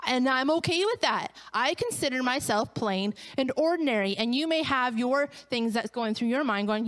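A woman pastor delivers a sermon in a smooth, clear voice that sits a little high. She tells her stories with animation, acting out the voices of the people in them. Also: animated, moderate pace, hardly any pauses. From Canada.

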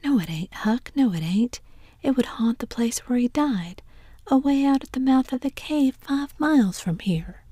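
A woman's voice: high voice, animated, normal speed, mellow, no echo, clean studio sound, voice pushed up. A woman whispering the part of a bold, adventurous boy in a whispered role-play, eager and a little bossy, with folksy speech. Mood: urgent.

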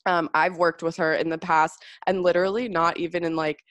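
A young woman hosts her podcast in loose, gushing chat, swearing freely and piling on fillers. Her voice sits a little low. The mic is close and dry, with no room sound. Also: flat delivery, fairly quick, a bit bright, no echo. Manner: gushing, profane, filler-heavy. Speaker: podcast host. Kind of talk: casual chat.

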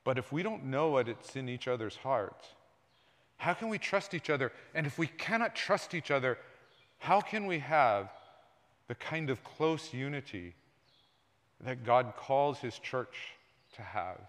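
Guy preaching at church, chatty sermon, voice goes quiet then loud, echoey hall. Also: medium pitch, lively intonation, unhurried. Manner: conversational preaching, jumps between soft and loud. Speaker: pastor. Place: church sanctuary. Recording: long hall reverb.

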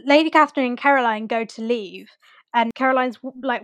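A woman's voice: on the high side, brisk, no room sound. A woman in casual chat, rambling through a TV plot recap and acting out the characters' lines.

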